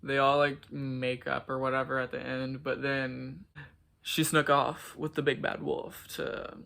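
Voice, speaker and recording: A man's voice: medium pitch, flat delivery, measured pace, gravelly, pushed and bright. A man giving casual, gushing reaction commentary to a show, swearing and saying "like" a lot. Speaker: reaction vlogger.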